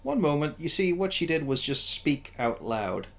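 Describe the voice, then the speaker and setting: A man narrating a tabletop game as game master, with slow, hushed, eerie descriptions. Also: on the high side, very animated, gravelly.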